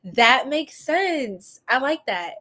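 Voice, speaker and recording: A woman's voice: high voice, big pitch swings, slow, bright, forceful tone. A woman with a New York accent, hosting a tarot reading livestream and chatting casually with viewers in a goofy, giggly way. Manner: goofy and giggly, laughs often. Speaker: tarot reader host.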